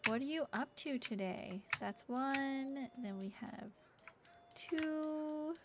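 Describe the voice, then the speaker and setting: A woman's voice: sits high, slow. A woman streaming a game, chatting casually and giggly while reading chat aloud. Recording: audible background noise and keyboard clicks.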